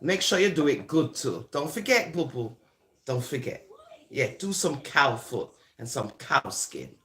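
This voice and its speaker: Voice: medium pitch, big pitch swings, fairly bright tone. A speaker from Jamaica, delivering a teasing, taunting comic monologue and drawing words out. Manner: teasing, sing-song, drawn-out words.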